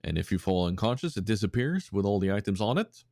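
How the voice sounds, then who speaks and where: A man's voice: lowish voice, very animated, quick pace, a little mellow, no room sound, clean studio sound. A man co-hosting a podcast in casual chat, reading out listener submissions with lots of fillers and restarts. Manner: rambling with many fillers, breaks into silly voices.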